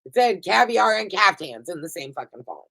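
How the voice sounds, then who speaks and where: A woman's voice: lowish voice, very animated, moderate pace, gravelly, fairly bright tone, poor audio. Profane, gushing woman recapping reality TV. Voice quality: profane, gushing, laughs often. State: high. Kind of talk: casual chat.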